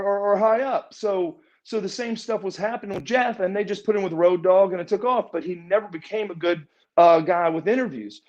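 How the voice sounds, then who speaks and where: A man telling a backstage story in a casual interview, acting out other people's lines as he goes. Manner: animated, acts out quotes with raised pitch. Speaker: interview guest, former wrestler. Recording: muffled lo-fi audio.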